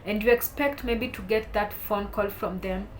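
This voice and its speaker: A young woman, talking to camera in a heartfelt, halting way while holding back tears. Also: medium pitch, steady tone, slight background noise. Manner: heartfelt, halting, soft-spoken with emotional swells. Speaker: vlogger. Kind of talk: personal talk to camera.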